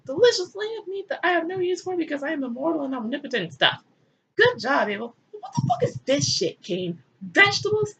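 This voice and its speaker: A woman's voice: high-pitched, animated, quick pace, vocal fry, a little hiss or hum, pitched above the performer's own voice, poor audio. A woman voicing a bratty, petulant male God, snotty and sarcastic, in a comic retelling.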